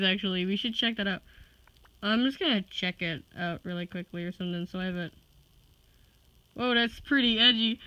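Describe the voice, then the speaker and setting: A woman's voice: mid-range voice, brisk, a bit bright, poor audio. A young woman vlogging casually, giddy and rambling, often breaking into laughter. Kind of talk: excited casual vlog.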